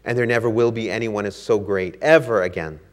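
A man's voice: on the low side, fairly quick, lightly acted. A man doing gushing fawning courtiers. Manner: gushing, flattering. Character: fawning royal courtiers, eager flatterers.

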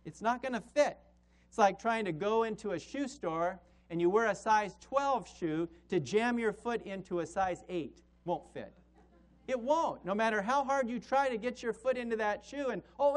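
A man preaching a sermon as pastor, emphatic, slowing on key words and dropping low and quiet to drive points home.

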